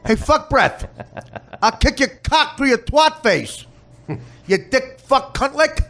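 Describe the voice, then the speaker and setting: A man's voice: very high-pitched, animated, slow, pitched above the performer's own voice, heavily acted. A man voicing a foul-mouthed middle-aged movie cop who barks strings of vulgar insults. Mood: ranting. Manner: hurls strings of profane insults in shouted bursts. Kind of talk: comic impression on a podcast.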